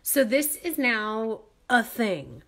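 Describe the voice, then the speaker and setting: A woman's voice: fairly high pitch, very animated, slow pace, a bit bright. A woman hosting a casual live-stream craft demonstration from home, chatty, upbeat and joking about herself as she walks through her supplies. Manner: chatty, upbeat and self-mocking. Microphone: computer or phone live-stream mic.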